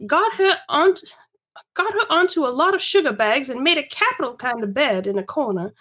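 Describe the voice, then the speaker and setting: A prim Victorian young woman, high-voiced, leans in to confide a scandalous tale to her friends, as a woman reads her part aloud. The telling is breathless and gossipy, like a storybook heroine sharing a secret. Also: sing-song, moderate pace, pushed and bright, heavily acted. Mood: confiding.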